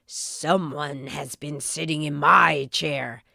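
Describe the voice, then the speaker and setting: A woman's voice: low voice, fairly even intonation, slow pace, creaky, sharp tone, no echo, clean studio sound, pitched below the performer's own voice, heavily acted. A woman voicing an angry male father bear from a children's storybook, growling and scolding.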